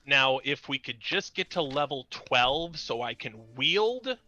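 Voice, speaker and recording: A man playing in a tabletop role-playing game, making quick, wry remarks. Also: mid-range voice, expressive, bright, forceful tone, lo-fi sound. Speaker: player. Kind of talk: casual tabletop game chat.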